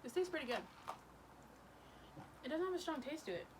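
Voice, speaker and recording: A woman's voice: high voice, fairly quick. A young woman chatting casually on her vlog, bubbly and rambling with lots of "like"s, recorded in a car. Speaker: vlogger. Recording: steady background noise, vehicle sounds.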